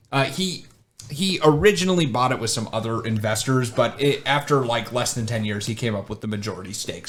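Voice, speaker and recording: A young man hosting a podcast, casually telling a true crime story and teasing his co-host. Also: mid-range voice. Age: young adult. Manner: teasing, rambling, lively storytelling.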